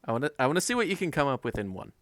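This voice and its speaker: Very deep-voiced woman, dry sound. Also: racing, no echo. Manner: relaxed, matter-of-fact updates with fillers. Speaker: stream co-host. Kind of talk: casual stream chat.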